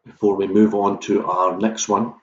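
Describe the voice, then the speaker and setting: A man's voice: lowish voice, flat delivery, moderate pace. A man hosting an online pub quiz in a casual, jokey way, swearing freely as he reads out questions. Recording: roomy, dull lo-fi room sound.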